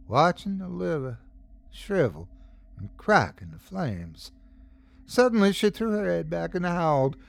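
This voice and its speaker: A man narrating a scary story as host, dramatic, swelling and dropping for suspense. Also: medium pitch. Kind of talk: scripted horror story narration.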